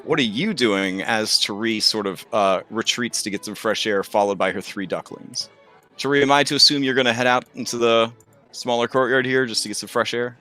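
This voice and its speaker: A man's voice: mid-range voice, brisk, pushed and bright, faint music behind. A man narrating as game master of a tabletop game, chatty with many fillers.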